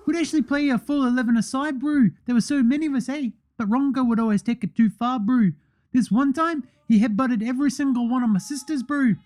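Guy putting on a cheeky kiwi baller voice, pitched way up, "eh bro" every line. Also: fairly quick, darkish tone. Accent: New Zealand. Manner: tacks "eh, bro" onto every sentence. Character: cheeky young male basketball star, playful prankster. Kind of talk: comedic impression monologue.

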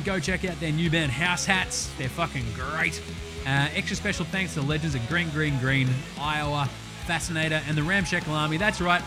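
Casual podcast host. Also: male voice, a little high. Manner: casual, rambling, swears. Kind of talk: podcast outro.

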